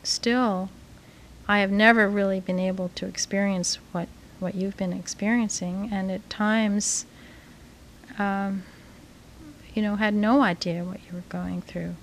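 A middle-aged woman, a mother speaking to her daughter, slow and soft and searching for words. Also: mid-range voice, fairly even intonation, slight background noise, rough recording. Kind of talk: personal storytelling interview.

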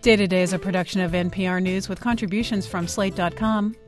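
A woman's voice: medium pitch, fairly even intonation, quick pace, faint music behind. A woman hosting a radio news program, introducing and closing a segment. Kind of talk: news presenting.

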